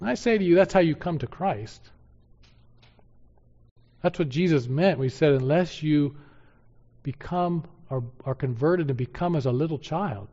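A man preaching a sermon, moving from loud urgent exhortation to hushed, earnest pleading. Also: on the high side, normal speed, pauses often. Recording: dull sound with long hall reverb.

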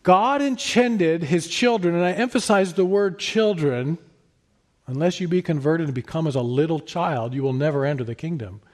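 A man preaching a sermon in an earnest, emphatic way, rising to stress his points and then dropping soft. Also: fairly high pitch, fairly quick. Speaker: pastor.

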